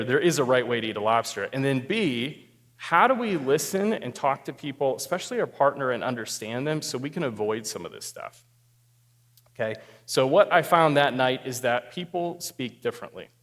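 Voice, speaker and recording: A man from Sioux Falls tells a comic, self-deprecating story to a live group, his voice neither high nor low. He builds up to the funny moments and then eases into calm advice. The sound carries a long reverb, as in a large hall. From Sioux Falls, South Dakota. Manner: animated storyteller, self-mocking humor, gets louder and higher at climaxes. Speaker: marriage therapist speaking at a church group.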